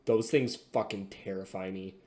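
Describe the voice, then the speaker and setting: A man's voice: sits low, steady tone, moderate pace, darkish tone. A man co-hosting a podcast, telling stories in casual chat, swearing freely and breaking into laughter. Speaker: podcast co-host.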